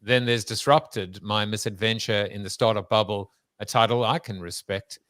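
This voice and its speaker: A man putting on a flat deadpan programmer guy. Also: on the low side, moderate pace, dry recording, close to an everyday voice. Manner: flat monotone delivery. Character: deadpan monotone male programmer.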